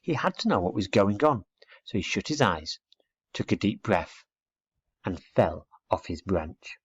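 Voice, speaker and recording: A man's voice: on the low side, measured pace, breathy edge. Man reading a children's story expressively. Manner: expressive, steady. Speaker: reader. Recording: dull lo-fi recording.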